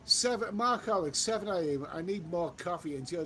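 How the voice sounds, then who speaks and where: A man's voice: high voice, expressive, brisk, sharp tone, slight background noise. A man chatting casually on a live stream while out walking, reading viewer comments aloud and repeating himself. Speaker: travel vlogger reading live chat. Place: outdoors on a walk.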